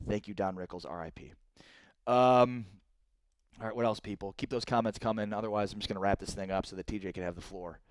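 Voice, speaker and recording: A man in his thirties hosts a live-streamed sports talk show, reading viewer comments and getting fired up about trades. His voice sits lowish and moves a little fast, with no room sound. He's excitable, and his pitch shoots up when he gets indignant.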